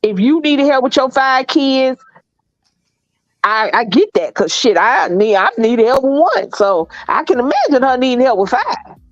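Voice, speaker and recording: A woman's voice: high voice, very animated, measured pace, dry recording, dull audio. A woman with a Southern US accent co-hosting a casual chat, blunt and opinionated, stretching words out for emphasis. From American South. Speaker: co-host.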